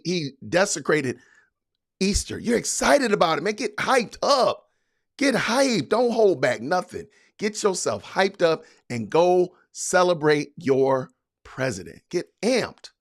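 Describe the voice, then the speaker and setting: A man hosting a podcast, giving sarcastic political commentary in a mocking, hyped-up, repetitive way. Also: high-pitched. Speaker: podcast host.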